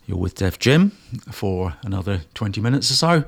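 Deep-voiced New radio host. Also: male voice, creaky, slightly rough. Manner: relaxed and unhurried, with frequent pauses and "uh" fillers. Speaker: radio jazz show host. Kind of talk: casual radio presenting between tracks.

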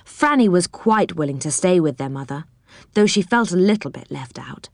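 A woman with a lower voice reads a children's story aloud, clear and gentle. The sound is close and dry, with no room around it. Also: lively intonation, normal speed, dry recording. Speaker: narrator.

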